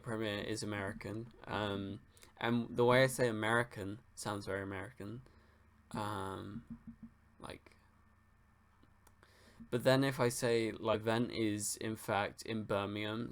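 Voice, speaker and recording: A man's voice: lowish voice, steady tone, measured pace, creaky. A young man from England, hosting a livestream and answering viewers' questions in a laid-back, rambling way, swearing casually. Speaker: livestream host.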